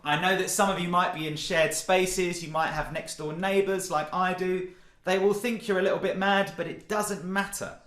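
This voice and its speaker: A man leading an online singing warm-up, encouraging and cheerful, often breaking into loud demonstration sounds. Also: high voice, steady tone, normal speed, reverberant. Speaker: singing workshop leader. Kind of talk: online vocal warm-up session.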